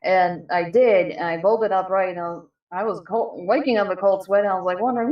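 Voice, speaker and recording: A young woman telling a personal story casually, halting with many fillers and restarts. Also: mid-range voice, fairly even intonation, lo-fi sound. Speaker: panel guest. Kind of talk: casual storytelling on a live stream. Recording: echoey distant mic.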